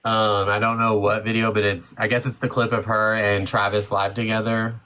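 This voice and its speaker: Bright-voiced blunt male streamer. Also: fairly low pitch, level tone, normal speed, low-quality recording. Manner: blunt, confrontational, drawling. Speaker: live stream host. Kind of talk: casual live-stream chat.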